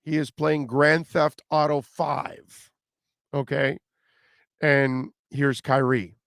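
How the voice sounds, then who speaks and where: Gravelly-voiced male sports radio host. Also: on the high side, little pitch movement, slow pace, a bit bright, no room sound, studio quality. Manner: chatty, fillers and repeated words. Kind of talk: casual sports talk radio.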